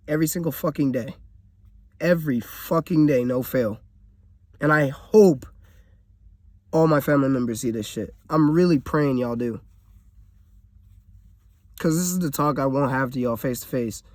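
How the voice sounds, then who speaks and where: A man's voice: medium pitch, normal speed, pauses often, a little mellow, dry recording. Young guy in his car venting hard, swearing a lot, dry close sound. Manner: blunt, profane, emotional venting. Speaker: vlogger. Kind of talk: personal vlog rant.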